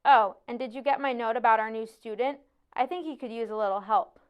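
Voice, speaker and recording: A woman's voice: a little high, brisk, smooth, lo-fi sound, lightly acted. A woman voicing a patient female schoolteacher speaking politely to her class.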